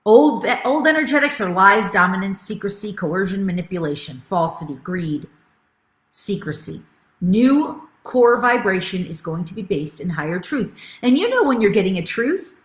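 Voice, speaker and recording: A woman's voice: medium pitch, fairly bright tone, roomy sound. A middle-aged woman spiritual coach teaching a live webinar, enthusiastic and reading out viewer comments as she goes.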